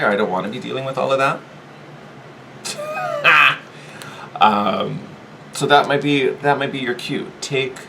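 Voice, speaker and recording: A man giving a casual, chatty tarot reading, animated and quick to laugh, often repeating himself. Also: mid-range voice, a little hiss or hum, low-quality recording. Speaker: tarot reader.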